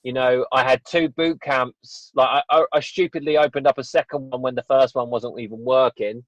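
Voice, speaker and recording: A man's voice: mid-range voice, steady tone, normal speed, dry recording. Candid man, dull dry recording. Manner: rambling, candid, frequent restarts. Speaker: guest, fitness business owner. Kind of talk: casual podcast interview.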